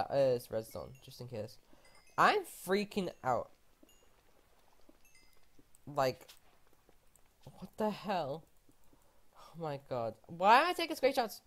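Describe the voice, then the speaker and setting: A woman hosting a casual let's-play, her voice low-pitched but swinging widely up and down. She talks excitably, gasping and breaking into disbelieving exclamations. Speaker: gaming channel host.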